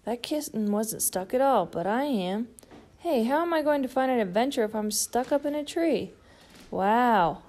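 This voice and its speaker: Reading a storybook aloud, a woman pushes her slightly high, warm voice up to play a cheerful, childlike giant bird. The character sounds eager and wondering, sometimes plaintive.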